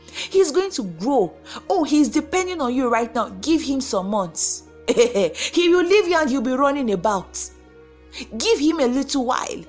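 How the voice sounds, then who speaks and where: Nigerian woman, high lively voice, motivational faith vlog, faint music underneath. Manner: animated, preachy, acts out quoted voices. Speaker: motivational vlogger.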